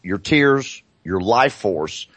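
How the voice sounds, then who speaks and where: Man, low voice, dry close sound, deliberate, emphatic repetition. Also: animated, fairly bright tone, no room sound. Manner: deliberate, repeats phrases for emphasis. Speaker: guest on a talk show. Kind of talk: emphatic conversational explanation.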